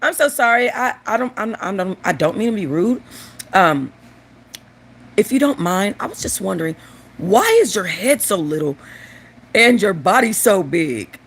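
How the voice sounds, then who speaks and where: A woman's voice: medium pitch, animated, normal speed, slightly rough. A woman voicing a timid, polite woman who stammers and apologizes as she works up the nerve to speak to a stranger. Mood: nervous.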